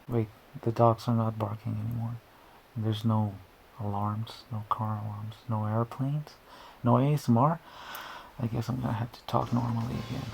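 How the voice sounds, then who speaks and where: Brief: male creator, mid-pitched, gravelly, loose rambling commentary full of restarts. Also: little pitch movement, normal speed, darkish tone, slight background noise. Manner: rambling, frequent restarts and asides. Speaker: video creator.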